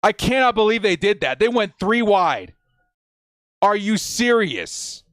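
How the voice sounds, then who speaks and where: A man hosting a live stream, reacting with hype, shouting and whooping, and reading out viewer messages. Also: high-pitched, very animated, unhurried, no echo, clean studio sound.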